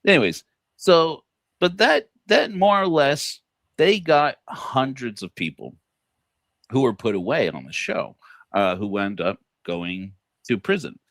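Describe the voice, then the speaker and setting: A man's voice: mid-range voice, very animated, measured pace, fairly bright tone, dry recording. A man hosting a casual livestream, rambling with many fillers and restarts and laughing at his own jokes. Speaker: podcast host.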